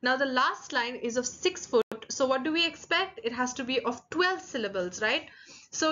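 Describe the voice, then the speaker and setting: A woman with a high, bright voice teaches a literature lesson in a patient, explanatory way. She repeats key points and breaks them into small parts, with frequent fillers. The recording sounds a little dull and lo-fi. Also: animated. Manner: reads verse aloud slowly, syllable by syllable. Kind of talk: explanatory online lecture.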